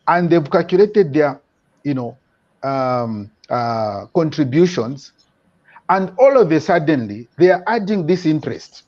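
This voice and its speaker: A man hosting a talk show, putting questions to his guest with many fillers and pauses. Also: on the high side, expressive, darkish tone, no room sound, lo-fi sound. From Zambia.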